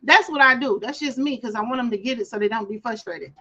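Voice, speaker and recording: A woman with a fairly high voice chats casually on her craft livestream, spinning stories and mimicking the people she talks about. The audio sounds a little dull and muffled. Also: fast, pushed and bright. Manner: chatty storyteller, acts out callers' voices. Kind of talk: casual chat.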